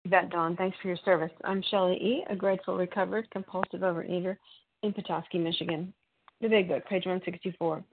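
A woman's voice: lowish voice, steady tone, fairly quick, husky, no room sound. A woman steadily reading a passage aloud to close a support meeting. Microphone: phone call. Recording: tinny phone line.

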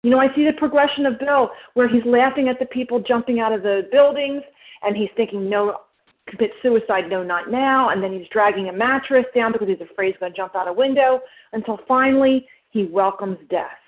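Emphatic New Jersey woman on a phone line. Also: fairly high pitch. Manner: emphatic, fast-talking, explains step by step. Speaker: meeting member sharing. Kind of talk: personal share at a recovery meeting.

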